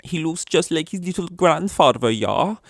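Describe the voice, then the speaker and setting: A man voicing a doting German parent of a newborn boy in a mock German accent that drifts Scandinavian, gushing in a high, slow, sing-song way. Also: animated, gravelly, no room sound, studio quality.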